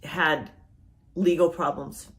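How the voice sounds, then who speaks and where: A middle-aged woman hosting a faith podcast as a life coach, delivering a motivational talk that swings from loud urging to a soft, near-whispered hush. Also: sits low, steady tone, slow.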